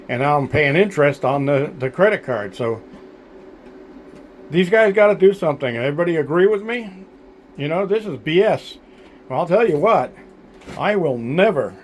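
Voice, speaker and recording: A man vlogging a blunt, aggravated rant, talking to his viewers with many fillers and pauses. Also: mid-range voice, slight background noise. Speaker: homesteading vlogger. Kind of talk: frustrated to-camera vlog rant.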